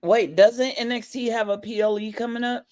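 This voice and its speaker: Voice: mid-range voice, fairly even intonation, moderate pace, a little mellow. A co-host on a wrestling podcast, giving blunt, playful takes in casual chat. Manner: opinionated, blunt, playful slang.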